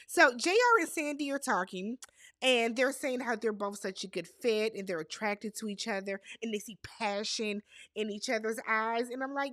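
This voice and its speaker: Sassy woman recapping a show, high voice. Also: normal speed, dry recording, studio quality. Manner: sassy, animated reactions with slang asides. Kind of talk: casual TV recap commentary.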